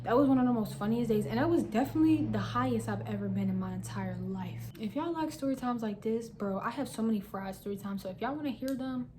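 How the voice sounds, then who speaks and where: A woman's voice: on the high side, quick pace, hardly any pauses, mellow, slight background noise. A young woman vlogger telling a funny personal story in slangy casual talk, acting out her own lines. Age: young adult.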